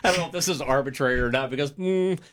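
A man's voice: medium pitch, racing, fairly bright tone, a little hiss or hum. A middle-aged man co-hosting a morning radio show, telling rambling, self-deprecating stories and laughing often. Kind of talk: casual morning radio banter.

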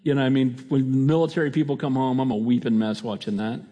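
A man's voice: medium pitch, little pitch movement, fast talker, mellow. A middle-aged male pastor preaching a sermon in a conversational way, often restarting his sentences.

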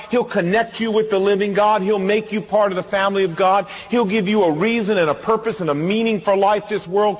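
A man preaching a sermon as pastor, with emphatic rhetorical questions and lively acted-out anecdotes. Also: high voice, husky. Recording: long hall reverb.

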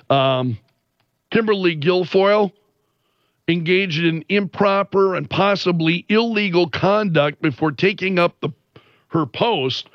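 A man with a high-pitched voice talks through the news in an unhurried, deliberate way, retelling an incident with lively emphasis. The recording is dry and a little muffled. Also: no room sound. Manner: animated, retells quotes with censored swearing. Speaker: commentator. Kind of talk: casual news commentary.

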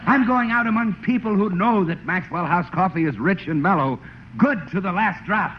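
A man in 1940s radio comedy as the show's announcer, brash, booming and salesman-like. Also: moderate pace. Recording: muffled old radio broadcast with hiss.

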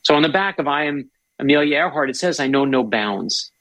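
A man's voice: fairly high pitch, animated, fairly quick, a bit bright, dry recording, rough recording. A man talking about history as an author guest in a casual interview, eager and storytelling, often restarting his sentences.

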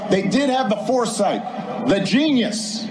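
A man delivers a formal speech in a measured, deliberate way, his voice pitched high. The clip sounds roomy, with clear ambient noise underneath. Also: lively intonation, crowd noise. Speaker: speaker in a played speech clip.

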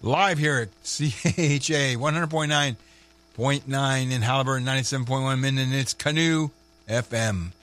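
A man's voice: mid-range voice, normal speed, fairly bright tone. A man hosting a morning radio show in a studio, rambling through the weather in a chatty, self-mocking way that keeps slipping into giggles. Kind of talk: casual radio banter. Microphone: studio microphone.

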